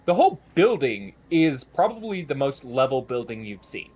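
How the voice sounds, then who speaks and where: A young man narrating a tabletop game as game master, in a slow, halting way. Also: mid-range voice, big pitch swings, darkish tone, husky.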